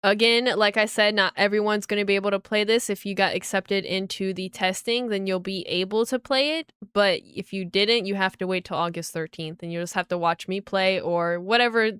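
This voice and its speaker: A young woman livestreaming a game launch, chatting excitedly to her viewers and calling them guys. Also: mid-range voice, brisk, few pauses, clean tone, no echo, clean studio sound. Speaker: livestreaming gamer. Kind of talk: casual livestream chat.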